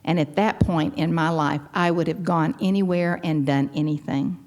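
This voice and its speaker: A Texan woman in her sixties telling her personal story at a convention with wry, self-deprecating humor and sudden lively leaps in pitch. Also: moderate pace. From Texas. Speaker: convention speaker sharing her recovery story.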